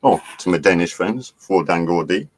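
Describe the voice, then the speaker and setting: A man's voice: sits low, animated, moderate pace. A middle-aged man chatting loosely on a livestream, laughing often and swearing now and then as he reads the chat. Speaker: livestream host. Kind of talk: rambling live-stream chat.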